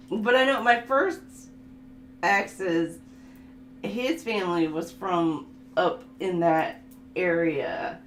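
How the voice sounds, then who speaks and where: A woman's voice: fairly low pitch, takes it slowly, long pauses. A woman giving a casual oracle card reading, chatting and laughing as she reads the card text aloud. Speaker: tarot reader. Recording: echoey room with steady hum.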